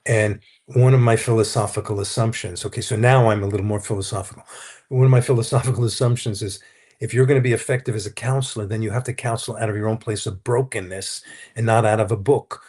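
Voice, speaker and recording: A man's voice: lowish voice, fairly even intonation, fast, darkish tone, husky. A man, a Christian counselor, earnestly telling his personal testimony in a conversational interview. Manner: earnest, anecdotal, quotes others as he tells the story.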